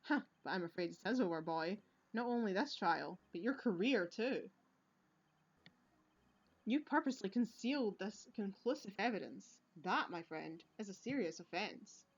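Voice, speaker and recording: A woman's voice: mid-range voice, expressive, moderate pace, breathy edge. A woman voicing a smug, menacing older male police chief who gloats and laughs heartily, read aloud from a video game. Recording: lo-fi recording.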